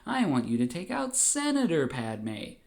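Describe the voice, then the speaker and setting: A man voicing a scheming, condescending older male Sith lord in a low, measured tone. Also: huge pitch swings, creaky, a little mellow, full character voice. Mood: smooth.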